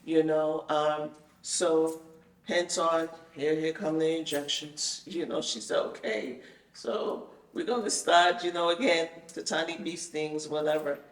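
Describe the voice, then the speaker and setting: Speaking low and unhurried, a female guest recounts her experience in a casual, animated manner, performing the conversations she retells. The mic is some distance away, so her voice sounds set back in an echoing room.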